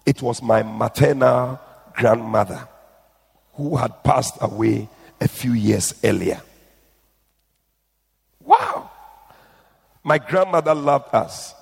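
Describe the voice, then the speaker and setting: Male preacher, husky and gravelly, urgent and pleading, recorded with long hall reverb. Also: medium pitch, a little slow. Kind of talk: sermon with read-out testimony. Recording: echoey hall.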